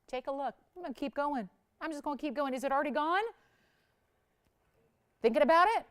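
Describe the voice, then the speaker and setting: Energetic woman hosting a jewelry sale. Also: high-pitched, a little fast, pauses often, clean tone. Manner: energetic, urgent price countdowns. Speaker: shopping channel host. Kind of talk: live jewelry sales pitch. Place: studio.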